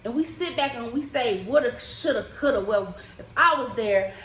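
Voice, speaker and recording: A high-voiced woman from the United States talks straight to camera in an impassioned personal vlog. Her casual speech swells and drops with emotion. The echoey room adds a roomy ring to her voice. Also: expressive, moderate pace, a bit bright, slight background noise. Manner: emotional, rising and falling with feeling, Southern-tinged casual speech. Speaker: vlogger. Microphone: desk microphone.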